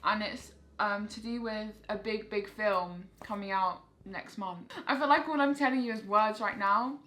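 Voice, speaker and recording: A woman's voice: mid-range voice, moderate pace, pushed and bright, slight background noise. A woman in her late teens chatting casually to camera in a Q&A vlog, with lots of "like" fillers. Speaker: YouTuber.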